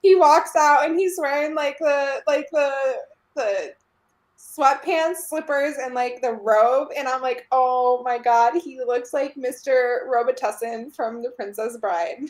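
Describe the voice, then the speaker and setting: A woman's voice: sits high, unhurried. Chatty, enthusiastic woman co-host. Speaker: podcast co-host. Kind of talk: casual movie review chat.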